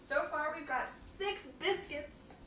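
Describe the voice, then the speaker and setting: Taking it slowly, a cooking show host with a high, fairly bright voice chats playfully and laughs often during a casual demo in her home kitchen. She's recorded off-mic from far away, giving a roomy sound with slight background noise.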